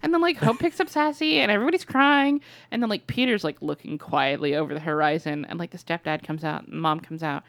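A woman co-hosting a podcast, recapping a film in casual, animated storytelling. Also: sits low, fairly quick, no room sound. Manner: animated storytelling with excited quoted voices. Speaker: podcast co-host. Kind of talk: casual movie recap chat.

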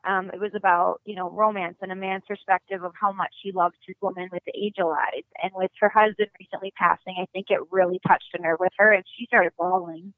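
A young woman from North Dakota, a singer, tells her story with animated, giggly energy as a podcast guest. The sound is thin and phone-like, and the room is very dry. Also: on the low side, a little fast, few pauses, no echo. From North Dakota, USA. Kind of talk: casual interview storytelling. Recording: dry phone-line audio.

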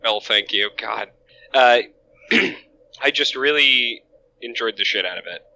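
Bright-voiced gushing male podcaster. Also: mid-range voice, a little slow, vocal fry, low-quality recording. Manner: gushing, excitable, swears casually. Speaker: podcast co-host. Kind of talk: casual chat.

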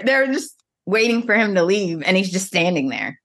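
A woman co-hosting a podcast, recapping a soap opera in casual chat, sassy and animated, often laughing. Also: mid-range voice, normal speed. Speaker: podcast co-host.

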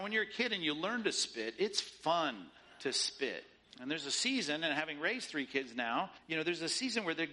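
Pastor guy preaching, bright punchy voice, acts out bits of dialogue. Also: on the high side. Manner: animated storytelling with mock dialogue. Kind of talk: sermon.

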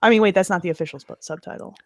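A woman's voice: medium pitch, racing, a little mellow, no room sound. A woman co-hosting a podcast in casual chat, teasing her friend, swearing a lot and laughing through her lines. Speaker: podcast co-host.

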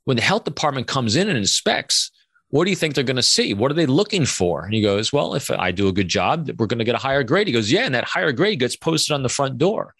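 A man in his fifties, a podcast guest, telling animated stories and acting out quoted dialogue. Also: medium pitch, fast, breathy edge, no room sound, clean studio sound. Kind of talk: conversational storytelling interview.

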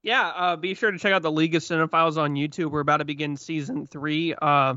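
A man's voice: fairly high pitch, steady tone, fast talker, bright, forceful tone, dry recording. A man co-hosting a podcast in casual chat, easygoing and hesitant, on a dull lo-fi line. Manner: easygoing, hesitant, with many restarts. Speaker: podcast co-host.

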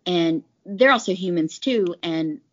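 With a fairly low pitch and a slightly slow pace, a woman in pharmaceutical sales tells stories during a casual interview. She acts out the quoted lines animatedly, and the lo-fi recording is a little dull.

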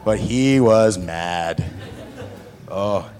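A man telling an anecdote to an audience in a hall, animated and acting out the other people's voices. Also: lowish voice, very slow, some chatter behind. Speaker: actor telling a set anecdote. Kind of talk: onstage storytelling. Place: stage before an audience in a hall.

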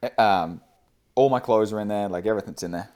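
A man's voice: on the low side, fast talker, darkish tone. A man, a guest on the show, telling a casual story with fillers and frequent laughs. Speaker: podcast guest.

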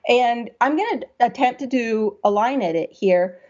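A woman's voice: on the high side, expressive, normal speed, a little mellow, highs cut off. Woman thinking aloud while editing. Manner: conversational, asks herself questions. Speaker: writing editor.

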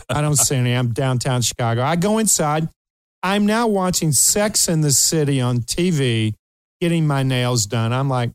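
A man's voice: a little high, moderate pace, clean tone, no room sound. An older man from Kentucky who hosts a talk show, telling a funny story with lots of laughter and acted-out voices. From Kentucky, USA. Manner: animated storyteller, laughs often, acts out quoted voices. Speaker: host.

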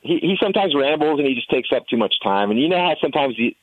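A man's voice: medium pitch, expressive, fast, no echo. A man chatting casually on a roundtable, candid and opinionated, sometimes mimicking others. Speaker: podcast roundtable guest. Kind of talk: casual chat. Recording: tinny phone-line sound.

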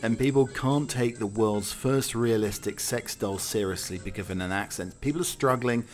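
Rambling and jokey, this podcast host talks on his own, stumbling through fillers and starting over often. He speaks at a moderate pace in a lowish voice over soft background music.

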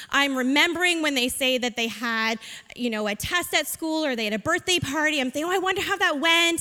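A woman with a high, bright voice speaks at church about her work with children. She tells her story earnestly, leaning on ums and likes. Her voice rings with a long hall reverb. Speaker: children's ministry leader. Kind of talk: church testimony talk.

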